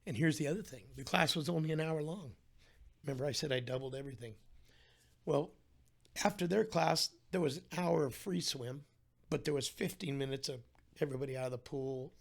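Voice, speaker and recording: Gravelly man telling his story. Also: on the high side, a little fast. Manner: animated, acts out the voices of people in his story. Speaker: podcast guest. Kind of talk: casual storytelling interview.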